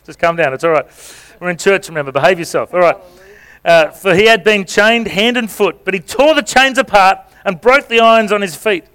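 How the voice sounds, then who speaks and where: A man's voice: sits high, brisk, a bit bright, smooth. A man, a pastor giving a playful sermon and directing volunteers as he reads scripture aloud. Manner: jokey, playful, coaching volunteers on stage. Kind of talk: sermon with acted-out scripture reading. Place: church stage before a congregation.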